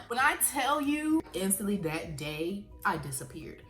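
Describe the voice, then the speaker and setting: A young woman telling a casual story to camera, animated, swearing freely and jumping between laughs and outrage. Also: mid-range voice, measured pace, over loud music. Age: young adult. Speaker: vlogger.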